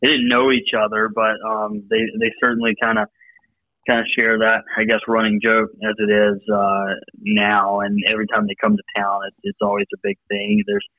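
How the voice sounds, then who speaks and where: A man's voice: on the low side, fairly even intonation, moderate pace, dry recording. Man telling stories over a dull phone line. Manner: laid-back storyteller, laughs often. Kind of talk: casual sports radio chat.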